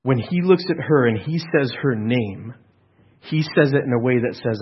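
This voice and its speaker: Man, sermon, earnest and emphatic, husky, dull lo-fi recording. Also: mid-range voice, moderate pace. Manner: earnest, emphatic with frequent restarts and rhetorical questions. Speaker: pastor.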